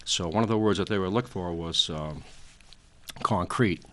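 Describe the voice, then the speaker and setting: A man's voice: low voice, normal speed, fairly bright tone, a little hiss or hum. A man in his sixties, a talk show guest, lecturing at length in a rambling way with many fillers. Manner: frequent fillers, trailing off.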